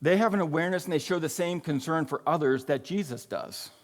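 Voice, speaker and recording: In a church sanctuary with the long reverb of a church hall, a pastor preaches a sermon conversationally, often checking in with "right?" and "like." His voice is fairly high and a little fast.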